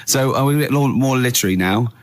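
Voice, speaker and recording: A man's voice: medium pitch, quick pace. Giggly teasing man hosting radio. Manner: giggly, teasing, full of innuendo. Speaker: radio show host. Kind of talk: comic radio banter. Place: radio studio.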